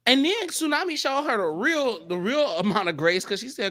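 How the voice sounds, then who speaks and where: A man hosting a casual panel chat, animated and quick to act out other people's lines. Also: very high-pitched, no room sound. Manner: animated, quotes people in exaggerated voices. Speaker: panel host.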